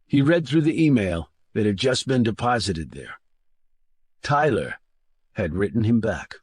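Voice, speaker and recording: A man reading a thriller novel aloud as an audiobook narrator, with a steady, measured delivery into a close studio mic. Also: lowish voice, slightly rough, dry recording. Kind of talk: scripted narration.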